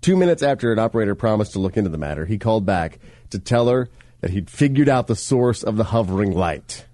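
A man's voice: fairly low pitch, sing-song, fast, mellow, dry recording, studio quality. A man co-hosting a casual comedy talk show, reading odd stories and joking around. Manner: joking, puts on silly voices. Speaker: podcast co-host.

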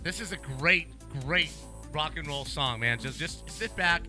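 A man's voice: on the high side, unhurried, over music. A male radio co-host introducing a song in easy banter.

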